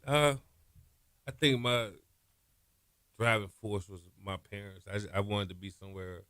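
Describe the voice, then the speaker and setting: Low-voiced man in his fifties, storytelling. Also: a little slow, no echo, studio quality. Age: 50s. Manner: relaxed storyteller, trails off softly. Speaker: former college quarterback guest. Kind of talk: interview storytelling. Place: radio studio.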